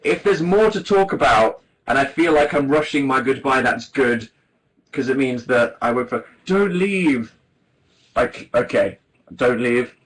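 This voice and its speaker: A man's voice: mid-range voice, moderate pace, fairly bright tone, rough recording. A man in his twenties hosting a casual livestream, rambling and self-deprecating, laughing often into a webcam mic. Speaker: livestream host. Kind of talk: casual chat to viewers.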